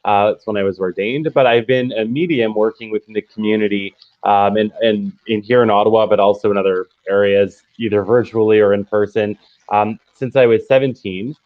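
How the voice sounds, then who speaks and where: A man in his thirties, a medium and minister, speaking a calm, earnest prayer and chatting easily about himself. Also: lowish voice, a little fast, no room sound. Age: 30s. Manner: calm, earnest prayer, with relaxed filler-laden chat. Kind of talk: spoken prayer and casual introduction. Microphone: video call. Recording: dry, dull lo-fi video call audio.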